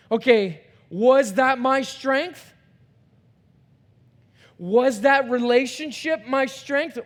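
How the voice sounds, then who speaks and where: A man with a high voice preaches in a measured, unhurried way from a church stage. He speaks, is middle-aged, and swings from hushed lines to sudden shouts. He repeats words while he gathers his thoughts. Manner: repeats words when thinking. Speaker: pastor. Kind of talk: sermon. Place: church sanctuary.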